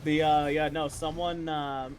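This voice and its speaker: Male gamer, casual storyteller, rambly with fillers, bit higher voice. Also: level tone, measured pace, faint music behind. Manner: rambling storyteller, many fillers, laughs often. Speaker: gamer streaming with friends. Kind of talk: casual chat.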